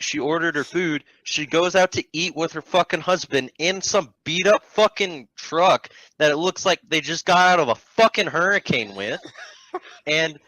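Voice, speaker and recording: A man's voice: dry recording, rough recording. A man telling a casual, profane story about an annoying customer, switching into mocking voices for the people in it. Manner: animated, profane, mimics customers in a low mocking voice. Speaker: storyteller among friends.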